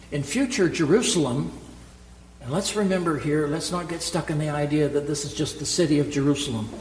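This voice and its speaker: A man's voice: on the high side, slight background noise. A man preaching a sermon as pastor, emphatic, asking rhetorical questions and repeating key words. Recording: echoey hall with long reverb, faint ambience.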